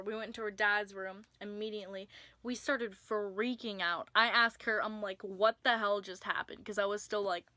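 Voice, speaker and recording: Bright-voiced young woman telling a story. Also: mid-range voice, no room sound. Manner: chatty, lots of "like" fillers, drops to whispers for emphasis. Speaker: vlogger. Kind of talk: casual storytime vlog.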